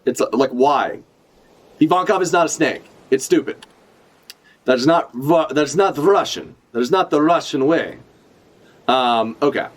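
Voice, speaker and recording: A man's voice: fairly high pitch, expressive, a little slow, pauses often. A man chatting casually on a live stream as he reacts to a comic chapter, rambling, swearing freely and correcting himself as he goes. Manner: rambling, profane, self-correcting.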